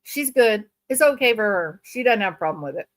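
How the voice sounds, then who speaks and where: A woman giving sarcastic, mocking commentary on a video clip, with drawn-out, theatrical emphasis. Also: mid-range voice, expressive. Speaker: co-host reacting to a video.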